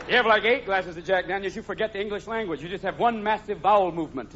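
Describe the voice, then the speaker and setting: A man's voice: sits high, lively intonation, fast talker, vocal fry, few pauses, noisy background. A man performing live stand-up comedy on a theater stage, jumping manically between silly character voices. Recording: lo-fi live recording with loud laughing crowd.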